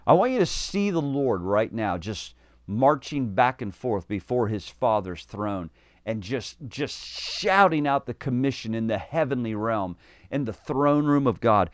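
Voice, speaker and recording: A man's voice: mid-range voice, sing-song, unhurried, no room sound, studio quality. A man preaching a podcast sermon, fervent, often repeating words and building to emphatic calls.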